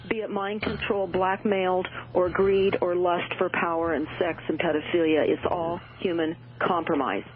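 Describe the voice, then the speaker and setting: A woman's voice: fairly low pitch, steady tone, normal speed, hardly any pauses, slight background noise. A woman talking as a radio show guest, urgent and full of uh and um fillers. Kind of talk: radio call-in talk. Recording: tinny phone line.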